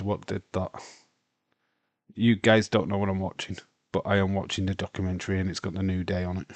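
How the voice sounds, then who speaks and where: A man's voice: fairly low pitch, dry recording. A British man from the UK talking casually and bluntly as the host of a live watch-along stream, rambling with many fillers and some swearing. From United Kingdom.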